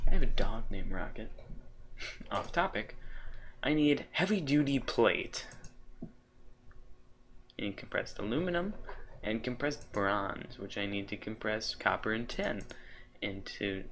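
Male let's-play host, unhurried, rambling and self-amused. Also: on the low side, vocal fry, fairly bright tone. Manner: rambling, trails off and restarts mid-thought; easily delighted, chuckles at himself. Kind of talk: casual gameplay commentary.

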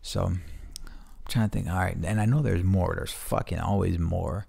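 A man's voice: low voice, steady tone, moderate pace, gravelly, darkish tone, husky, no room sound. A man hosting a podcast from home, chatting loosely and swearing freely in a heartfelt, rambling way. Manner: loose, profane, heartfelt talk. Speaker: podcast host. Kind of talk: casual rambling chat.

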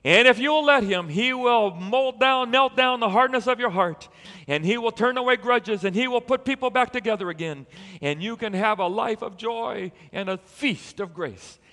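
High, bright-voiced preacher in a hall. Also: male voice, normal speed. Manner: animated storytelling, rising to emphatic peaks. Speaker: pastor. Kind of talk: sermon.

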